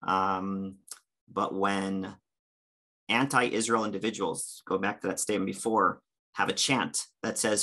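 A man's voice: fairly low pitch, steady tone, moderate pace, bright, forceful tone. Impassioned man speaking on a panel. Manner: earnest, impassioned, hesitant with fillers. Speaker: panelist, campus religious director. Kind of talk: panel discussion.

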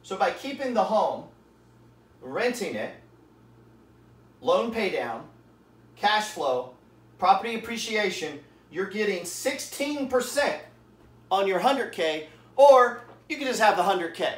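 A man's voice: high-pitched, big pitch swings, slow, pauses often, recorded from a distance. A man, a real estate investor, slightly out of breath, bluntly explaining money math in an informal way and rounding numbers as he goes. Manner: blunt, works through rough math aloud, rounding as he goes. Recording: echoey room, away from the mic.

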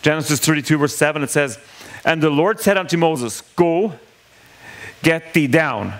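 A man's voice: a little high, expressive, moderate pace. A man preaching a sermon in a conversational way, asking the congregation questions and acting out the lines he quotes.

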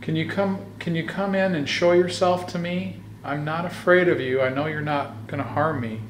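A man investigating a haunted hospital at night, talking in a hushed voice, often whispering, and calling out to spirits in a cold dark basement. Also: on the high side, fairly even intonation, moderate pace, a little hiss or hum. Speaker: paranormal investigator. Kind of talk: ghost hunting vlog commentary.

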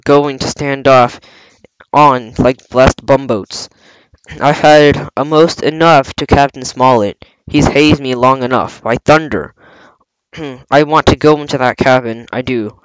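A man's voice: mid-range voice, fairly even intonation, unhurried, clean tone, no room sound, lightly acted, rough recording. A man reading aloud, voicing an impatient, surly pirate coxswain who growls his lines.

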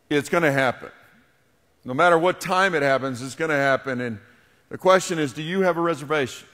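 Middle-aged male pastor, mid-pitched, preaching and praying, long hall reverb. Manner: storytelling, then leading a prayer. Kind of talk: sermon. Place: church sanctuary.

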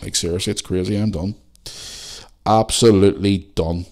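A man's voice: deep voice, steady tone, normal speed, darkish tone. A man hosting a casual solo podcast, chatting in a rambling way and swearing freely. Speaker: podcast host.

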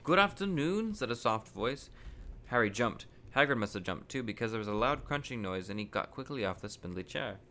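A man hosting a podcast, reading a children's novel aloud from a living room in steady, unhurried storytelling with small stumbles. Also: on the low side.

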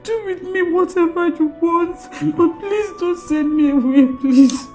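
A woman's voice: very high-pitched, unhurried, a little mellow, faint music behind. An actress playing a desperate young woman, pleading tearfully in a film drama.

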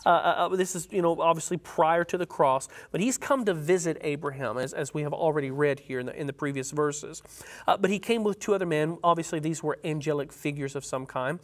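A panelist on a Sabbath School Bible study panel, teaching in an earnest, halting way with many restarts, and reading scripture aloud with rising emphasis. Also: mid-range voice.

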